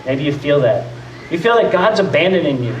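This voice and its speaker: A pastor speaks in a brisk, sing-song manner with a fairly high voice, preaching conversationally and often mimicking doubters. The audio is dull, with slight background noise, a roomy echo, and a distant mic in a church hall.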